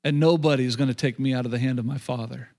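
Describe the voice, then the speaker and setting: A man's voice: medium pitch, steady tone, fast talker, a little mellow. A middle-aged man preaching to a congregation, repeating phrases and restarting sentences as he calls out to the room. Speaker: pastor. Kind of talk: sermon.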